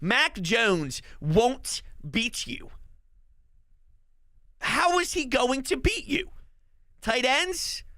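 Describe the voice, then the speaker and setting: A man hosting a sports show, talking as a hyped fan who rambles, jokes and breaks into shouted bursts. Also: very high voice, no room sound. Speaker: sports podcast host. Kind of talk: excited sports talk monologue.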